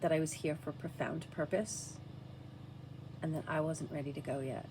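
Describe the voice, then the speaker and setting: A woman telling a personal story to camera, earnest and halting, dropping to a hushed near-whisper at times. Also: low-pitched, fairly even intonation, noisy background. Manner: earnest, frequent "like" fillers.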